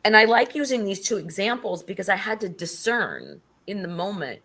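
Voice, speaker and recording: A woman's voice: mid-range voice, big pitch swings, normal speed, fairly bright tone, slight background noise. A middle-aged woman speaking as an interview guest, telling a personal story with casual swearing and acted-out quotes.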